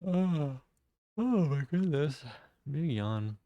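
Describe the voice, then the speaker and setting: A man's voice: fairly high pitch, animated, extremely slow, mellow, no echo, lo-fi sound. A man live-streaming, chatting casually with viewers in a teasing way and swearing freely.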